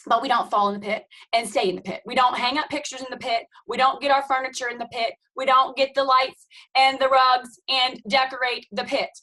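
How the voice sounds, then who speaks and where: A woman's voice: high voice, fairly even intonation, fairly quick, pushed and bright, poor audio. A woman, likely in her thirties, giving an emphatic, preachy motivational talk to her team on a video call, full of "you guys" and "okay?". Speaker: team leader speaking on a team call.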